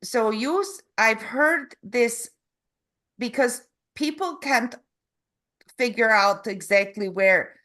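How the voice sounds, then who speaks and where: A woman who interviews her guest in a halting way, searching for words and restarting her phrases. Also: a little high, a bit bright. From Canada. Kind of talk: casual interview.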